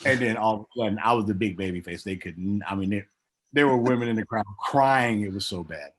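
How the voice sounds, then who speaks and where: A man with a fairly low voice tells a long backstage story in a relaxed interview. He is middle-aged and animated. He jumps high in pitch whenever he acts out what someone else said. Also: a little fast. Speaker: guest, former pro wrestler.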